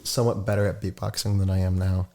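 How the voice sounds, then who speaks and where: A man's voice: deep voice, completely flat delivery, fast talker, very noisy. A young man, a podcast guest, chatting casually and telling rambling stories full of fillers. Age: young adult. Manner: rambling, filler-heavy storytelling. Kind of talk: casual chat.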